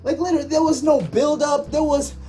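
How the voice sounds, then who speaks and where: A woman's voice: high voice, fairly even intonation, brisk, warm tone, soft background music. A woman vlogger telling a comedic story in a jokey, mock-outraged way.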